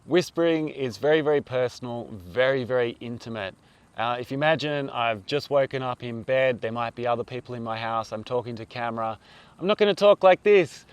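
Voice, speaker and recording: A man's voice: mid-range voice, brisk, clean tone. Upbeat man teaching filmmaking on lapel mic. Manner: upbeat, conversational and explanatory. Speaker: filmmaking tutor. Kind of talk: instructional video talk to camera.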